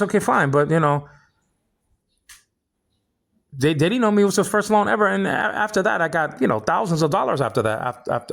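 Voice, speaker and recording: A man's voice: sits high, vocal fry, fairly bright tone. An older man from the Philippines in a rambling personal monologue, heated and repetitive, often stammering and restarting his words. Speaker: vlog host.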